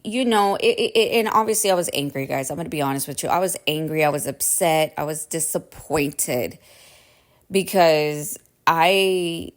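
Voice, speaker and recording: A woman with a low-pitched voice hosts her own podcast and tells a personal story. She talks casually and chattily, and keeps checking in with her listeners as she goes. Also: normal speed. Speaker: podcast host.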